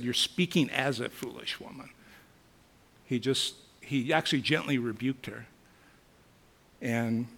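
Man, preacher, Bible teaching, earnest, musing, raspy, gritty. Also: mid-range voice, fairly bright tone. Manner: earnest, musing, reads scripture aloud.

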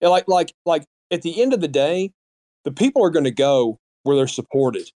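A man's voice: on the high side, animated, normal speed, warm tone. Fired-up man ranting on a voice chat. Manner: fired-up, emphatic, repetitive. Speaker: guest speaker. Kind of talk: heated casual rant. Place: online audio chat room.

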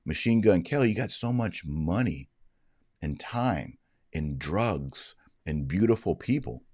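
Man, deep low voice, dry close sound, earnest moralizing livestream commentary. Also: animated, measured pace, a little mellow, no echo. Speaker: Catholic commentator.

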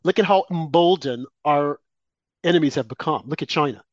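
A man's voice: a little high, fairly quick, no room sound. A male co-host delivering political talk commentary, indignant and full of rhetorical questions with mocking asides. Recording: dull lo-fi dry sound.

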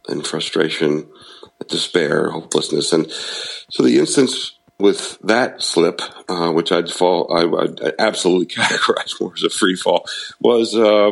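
A man's voice: low voice, vocal fry, low-quality recording. A middle-aged man candidly telling a personal recovery story, frank and self-deprecating, laughing at himself now and then. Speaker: guest sharing recovery story.

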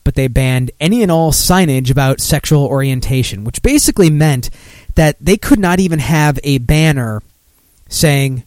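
A man's voice: fairly high pitch, expressive, normal speed, darkish tone, no echo. A man hosting a podcast, ranting casually with lots of fillers and self-corrections. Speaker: podcast host.

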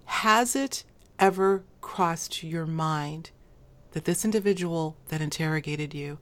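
Low-voiced woman interviewer, probing, thinks out loud. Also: takes it slowly.

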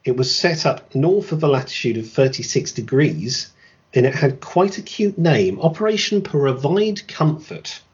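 A man's voice: on the high side, animated, a little slow, lo-fi sound. A man hosting a podcast, reading a scripted history narration and breaking off for dry, sarcastic asides. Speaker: podcast host.

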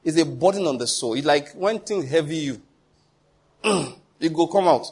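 A man's voice: a little high, expressive, moderate pace, a little mellow, husky. A man preaching a sermon as pastor, emphatic, full of rhetorical questions and pidgin asides.

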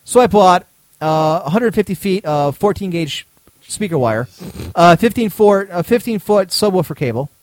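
Podcast co-host, male, lively raconteur who plays out the dialogue himself, voice sits a bit high, dry recording. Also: moderate pace, no echo. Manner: animated, acts out both sides of dialogue, swears freely. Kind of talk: casual storytelling chat.

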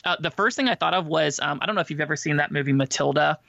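A man chatting casually about a film, talking in quick runs with many fillers and restarts. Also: on the high side, vocal fry, bright, forceful tone, dry recording, muffled recording.

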